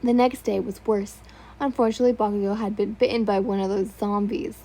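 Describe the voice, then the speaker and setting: A woman's voice: mid-range voice, flat delivery, fairly quick, dark tone, rough recording. A woman reading fan fiction aloud, stumbling over words now and then and remarking on typos. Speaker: story reader.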